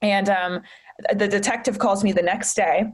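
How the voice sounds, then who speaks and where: A woman's voice: medium pitch, steady tone, moderate pace. Young woman, podcast guest, mid-range voice, casual storytelling, filler-heavy. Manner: chatty, filler-heavy with frequent "like". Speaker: podcast guest, stand-up comedian.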